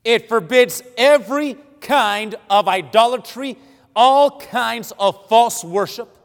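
A man from Cuba preaching a sermon, stammering through restarts and self-deprecating humor, then reading scripture loudly and emphatically. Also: very high-pitched, slow pace, gravelly. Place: church sanctuary. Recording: long hall reverb.

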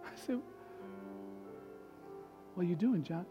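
Middle-aged preacher guy, high raspy voice, goes quiet then shouts, piano softly behind. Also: normal speed, long pauses. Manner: swings from hushed to shouting peaks. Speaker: pastor. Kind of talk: sermon with storytelling. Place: large church hall. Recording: long hall reverb with faint piano. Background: soft piano.

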